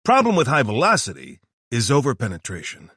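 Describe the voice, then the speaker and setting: A man's voice: medium pitch, huge pitch swings, fairly bright tone, husky, dry recording, studio quality, pitched above the performer's own voice, heavily acted. A man voicing an eccentric, flamboyant weapons scientist with a New York accent who slips into a fake posh British voice. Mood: excited, brash. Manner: fast-talking, theatrical, switches to a fake posh British put-on. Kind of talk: audiobook character voice.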